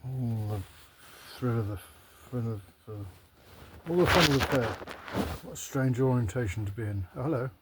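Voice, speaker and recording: A man's voice: medium pitch, normal speed, noisy background. A man rambling to camera in a casual, sweary, self-mocking monologue. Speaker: vlogger.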